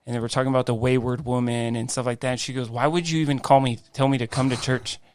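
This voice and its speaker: A man, a guest on a faith podcast, telling his life story in an animated way, acting out quoted dialogue. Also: medium pitch, fast talker, a little hiss or hum. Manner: frequent restarts and "I'm like" quoting.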